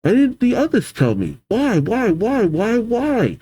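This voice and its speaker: A man voicing an upset, fiery teenage girl from a manga, firing off rapid, fretting questions. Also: very high voice, very animated, warm tone, husky, pitched above the performer's own voice, exaggerated voice. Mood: frantic.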